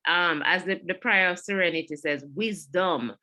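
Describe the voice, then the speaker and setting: Jamaican woman, webinar presenter, lowish voice, bright and forceful, repeats key points. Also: normal speed. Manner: earnest, repeats key points, takes audience questions. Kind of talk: mental health webinar talk. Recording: online webinar audio.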